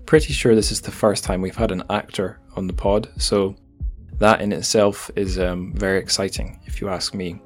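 A man's voice: low-pitched, fairly even intonation, moderate pace, faint music behind. Chatty Scottish man hosting a podcast. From Scotland. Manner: chatty, self-deprecating, with frequent restarts and asides. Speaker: podcast host. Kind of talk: casual podcast monologue.

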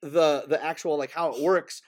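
A man's voice: fairly high pitch, fairly even intonation, normal speed. A man co-hosting a casual film review chat, agreeable, often chiming in with short yeahs and now and then putting on impressions. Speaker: podcast co-host.

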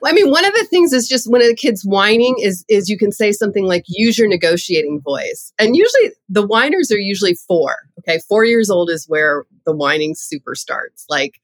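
A middle-aged woman who teaches parenting classes, telling stories in an animated, conversational way as an interview guest. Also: medium pitch, moderate pace, dry recording. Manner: lively, animated storytelling with laughs.

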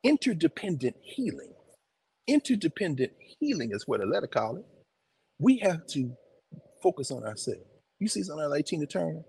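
A man hosting and lecturing informally in a museum, animated and preacherly, talking back to his listeners. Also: on the high side, moderate pace, vocal fry, slightly rough, no room sound. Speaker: host, professor. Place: museum, indoors.

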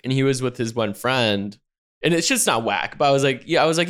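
A young man co-hosting a podcast in casual chat, rambling and animated, full of "like" and casual swearing. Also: medium pitch, a little fast. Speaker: podcast co-host.

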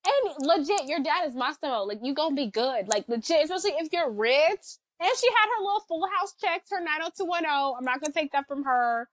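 A woman co-hosting a casual chat podcast, talking in an animated, ranting way with lots of fillers. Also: high-pitched, fairly quick, hardly any pauses, dry recording, low-quality recording. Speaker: podcast co-host.

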